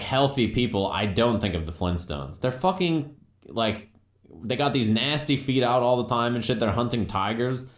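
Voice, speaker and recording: A man live-streaming, chatting casually and profanely, riffing on chat messages and doing mocking impressions. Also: medium pitch. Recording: roomy echo.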